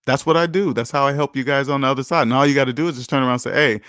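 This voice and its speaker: A man's voice: mid-range voice, racing, clear, resonant tone, no room sound, studio quality. A man hosting a finance video, lecturing his viewers in an emphatic, repetitive way and reading an article aloud with running commentary. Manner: emphatic, repetitive, lecturing, swings loud and soft. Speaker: personal finance vlogger.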